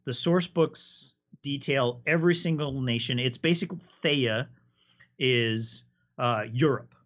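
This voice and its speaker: A man's voice: mid-range voice, unhurried, fairly bright tone. A man hosting a casual chat, telling stories enthusiastically and explaining at length. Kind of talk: casual chat about tabletop games.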